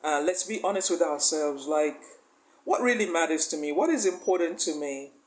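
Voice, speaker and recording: A woman's voice: sits low, animated, normal speed, poor audio. Laughing, emphatic woman life coach. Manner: emphatic, often breaks into laughter; asks the listener rhetorical questions. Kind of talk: motivational faith-based coaching talk.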